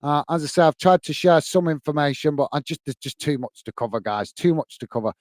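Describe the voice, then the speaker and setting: On a live football fan stream, a man from the UK reads the chat aloud, chatting casually and thanking people for commenting. He sounds expressive and a little mellow, speaks slightly fast on the high side, and the recording is dry.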